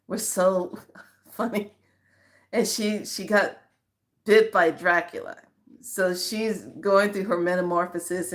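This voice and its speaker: A woman's voice: on the low side, a bit bright. Giggly chatty woman vlogger. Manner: giggly, chatty, calls viewers lovelies. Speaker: spiritual vlogger. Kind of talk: casual chat to viewers.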